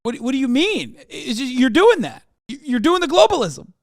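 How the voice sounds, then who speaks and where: A man hosting a casual reaction stream, animated, profane and sarcastic. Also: extremely high pitch, normal speed, dry recording, clean studio sound. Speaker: streamer host.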